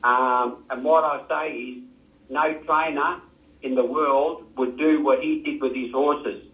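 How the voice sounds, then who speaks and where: A man's voice: mid-range voice, steady tone, unhurried. Older man, Australian accent, rambling storyteller, repeats himself, phone-like sound, roomy echo. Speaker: retired jockey and trackwork rider telling stories. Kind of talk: casual storytelling. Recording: echoey, tinny phone-like sound.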